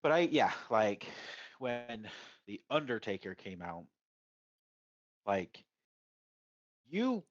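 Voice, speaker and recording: A man's voice: lowish voice, sing-song, takes it slowly, pauses often, no room sound, dull audio. A man co-hosting a casual wrestling chat, rambling with lots of fillers and restarts. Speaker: podcast co-host.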